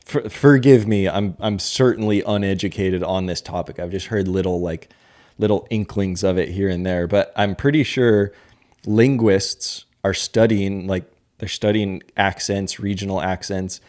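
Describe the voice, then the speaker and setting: A man's voice: deep voice, fairly even intonation, normal speed, darkish tone. A man co-hosting a podcast in casual chat, rambling and hedging with lots of filler words. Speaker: podcast co-host.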